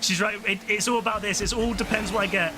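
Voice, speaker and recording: A young man giving chatty, excitable casual commentary while playing an online game, full of fillers and quick laughs. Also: high voice, noisy background. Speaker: gaming streamer.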